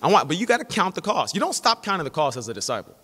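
A middle-aged man preaching a sermon as pastor, telling stories in an animated way and acting out the quotes. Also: high-pitched, racing. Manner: animated storytelling, acts out quotes. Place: church sanctuary. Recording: echoey church hall.

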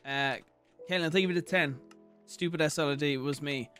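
A young man talks loosely while he plays a game on a livestream, swearing freely and joking with his chat. His voice sits a little high for a man. Faint music runs underneath the talk. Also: fairly quick, a bit bright. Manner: chatty and profane, thanks viewers, jokes. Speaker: streamer.

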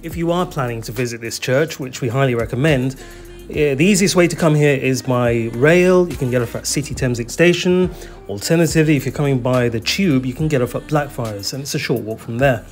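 A man's voice: mid-range voice, brisk. A man narrating a travel video as its host, in a scripted but playful way that leans on the comic details. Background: faint background music.

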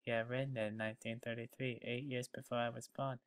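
A man's voice: lowish voice, steady tone, fast talker, fairly bright tone, dry recording, far from the mic, natural voice. A man voicing a bitter, searching young woman reading her diary aloud in a put-on accent. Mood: brooding.

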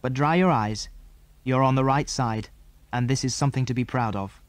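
A man's voice: mid-range voice, normal speed, no room sound, natural voice. A man voicing a grave, kindly father speaking to his children in an audiobook.

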